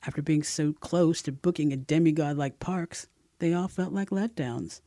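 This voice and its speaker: A man narrating a first-person memoir in an expressive audiobook reading, close to the mic. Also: a little high, moderate pace, dry recording.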